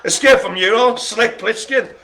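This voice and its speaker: A man's voice: sits high, moderate pace, pushed and bright. A man calling bingo as host, joking and laughing through playful banter. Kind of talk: jokey live bingo calling.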